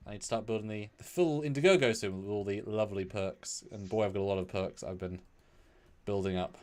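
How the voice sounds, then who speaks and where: A man co-hosting a casual live stream, joking and chatting with a lively manner. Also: on the low side, fairly quick. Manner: animated, joking, self-deprecating. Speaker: co-host.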